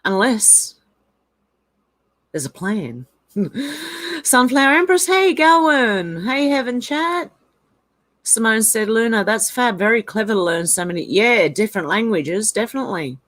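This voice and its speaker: This Australian streamer speaks in a fairly high, very animated, fairly bright voice at a measured pace. During her casual live chat she reads comments out loud, talks about them, and laughs a lot.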